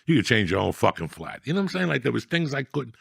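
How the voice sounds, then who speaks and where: A man's voice: mid-range voice, big pitch swings, fast talker, gravelly, breathy edge, dry recording, clean studio sound. A middle-aged man, telling profane, rambling stories in a blunt, casual chat. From New Jersey. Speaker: storyteller guest.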